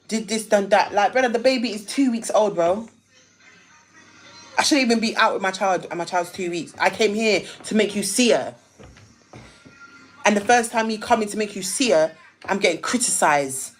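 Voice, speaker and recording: Ranting woman on a livestream. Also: mid-range voice. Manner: emphatic, repetitive, ranting. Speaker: live streamer. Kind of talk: heated live-stream rant.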